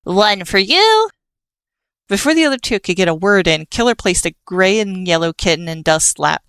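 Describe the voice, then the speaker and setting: A woman reading an audiobook in a steady storytelling manner. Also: fairly low pitch, brisk, clean tone, no echo. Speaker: audiobook narrator. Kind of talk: scripted audiobook narration.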